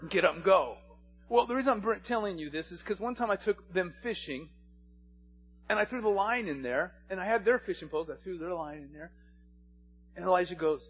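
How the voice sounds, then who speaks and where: A man's voice: sits high, lively intonation, a little fast, breathy edge, lo-fi sound. A man, a pastor, preaching a sermon and telling stories, at times rising to passionate pleading. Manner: storytelling, rising to impassioned pleading.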